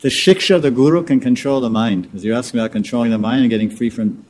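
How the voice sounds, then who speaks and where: A man's voice: mid-range voice, fast talker, darkish tone. Man giving a conversational scripture lecture. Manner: repetitive, restarting, explains terms conversationally. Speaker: spiritual teacher.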